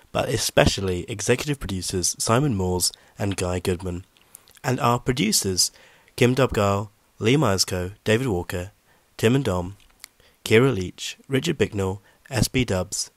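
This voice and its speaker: A man reading a steady list of thank-yous to podcast supporters. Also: fairly low pitch, dry recording. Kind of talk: read thank-you credits.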